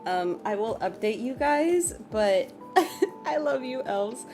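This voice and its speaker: Slow-talking giggly woman streamer. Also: a little high, lively intonation, darkish tone, faint music behind. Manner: giggly, reads chat comments aloud. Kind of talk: casual live-stream chat.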